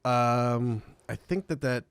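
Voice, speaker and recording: A man's voice: medium pitch, slow, clean tone, no echo. A man chatting as a podcast guest, rambling, swearing freely and laughing often. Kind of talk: casual podcast chat.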